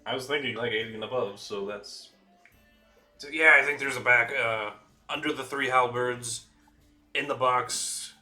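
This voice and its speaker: A man's voice: mid-range voice, steady tone, normal speed, bright, forceful tone, soft background music. A man running a tabletop game as dungeon master, talking loosely with lots of fillers and laughter.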